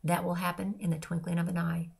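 A woman's voice: on the low side, flat delivery, quick pace, vocal fry, darkish tone, husky. Earnest older woman giving a devotional talk. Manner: earnest and repetitive, listing phrases. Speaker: christian speaker.

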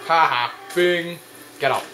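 A young man commentating his own gameplay, swearing and yelling at the opponent. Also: fairly high pitch, takes it slowly, echoey room, noisy background. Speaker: let's play gamer.

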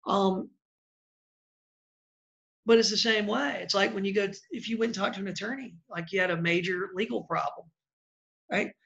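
Male real estate coach, blunt and chatty, gravelly voice, lo-fi sound. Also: high voice, fairly even intonation, moderate pace, pauses often, fairly bright tone. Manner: blunt, conversational, acts out example calls. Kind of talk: casual coaching talk.

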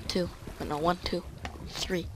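Let's play gamer, casual commentary, excitable, unhurried, faint background noise. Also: mid-range voice. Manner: chatty, excitable, talks through each move.

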